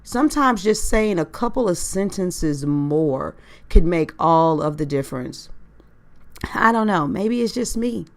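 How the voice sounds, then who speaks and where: Woman, podcast host, lower voice, casual solo talk full of rhetorical questions. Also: expressive, a little slow.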